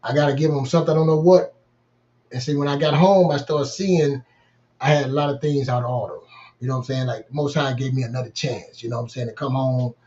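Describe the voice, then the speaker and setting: A man's voice: medium pitch, fairly even intonation, quick pace, darkish tone, lo-fi sound. A middle-aged man hosting a podcast, telling a personal story in an emphatic, repetitive, vernacular way. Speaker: podcast host.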